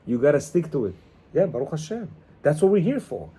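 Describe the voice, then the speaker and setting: Husky, lively man teaching a class. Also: fairly high pitch, a little fast. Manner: emphatic, repetitive, preachy. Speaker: Torah teacher leading a class. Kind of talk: animated class talk. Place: classroom with students.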